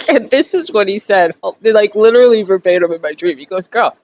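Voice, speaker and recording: A woman's voice: mid-range voice, darkish tone, muffled recording, slight background noise. A woman in her thirties telling a story in a casual vlog monologue, frank and rambling, swearing freely and filling her sentences with fillers. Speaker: recovery vlogger.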